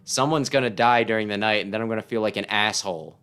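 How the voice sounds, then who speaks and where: A man's voice: on the low side, fast, a bit bright, clear, resonant tone, soft background music. A man casually playing a game on stream, reading its text aloud and reacting with wry, swearing asides. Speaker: let's-play gamer.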